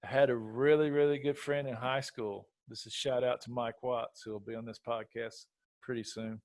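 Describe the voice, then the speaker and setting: A man's voice: mid-range voice, moderate pace, dry recording. A man hosting a podcast, telling a story in a casual chat and acting out the quotes. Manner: animated storyteller, acts out quotes. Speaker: podcast host.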